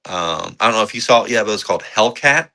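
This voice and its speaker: A podcast co-host, a man with a lowish voice and a sharp, forceful tone. He reviews films in loose, excitable chat, swearing and rambling along with plenty of fillers. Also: quick pace. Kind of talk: casual movie review chat.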